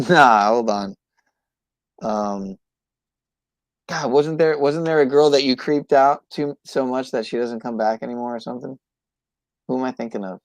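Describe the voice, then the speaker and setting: A man hosting a livestream podcast, chatting casually in a rambling, hesitant way that trails off quietly. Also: mid-range voice, normal speed, long pauses, dry recording. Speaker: podcast host.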